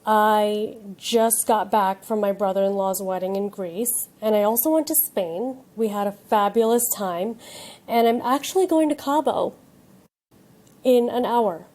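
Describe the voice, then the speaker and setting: A woman's voice: medium pitch, a little slow, darkish tone. A woman in her late thirties hosting her own podcast, talking in a casual, ranting way and swearing freely. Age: 30s. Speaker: podcast host. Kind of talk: casual chat.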